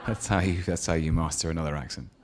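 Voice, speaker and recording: A man's voice: rumbling low, fairly even intonation, fast. A man, an actor being interviewed, telling stories and giving advice in a thoughtful, hesitant way with frequent ums and easy laughter. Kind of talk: relaxed anecdote and advice in an on-stage interview.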